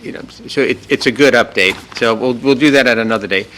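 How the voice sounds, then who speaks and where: A man presenting an update at a city workshop meeting, losing his voice, measured and explanatory. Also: mid-range voice, a bit bright, a little hiss or hum, rough recording. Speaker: city manager. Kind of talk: public meeting report.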